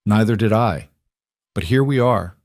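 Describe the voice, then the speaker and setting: An icy queen who commands rather than asks, as a low-voiced male narrator puts her on. The voice stays deep and steady, clipped and cold. The sound is dry and close. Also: moderate pace, no room sound. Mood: cold, commanding. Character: cold, ruthless queen ruling alone.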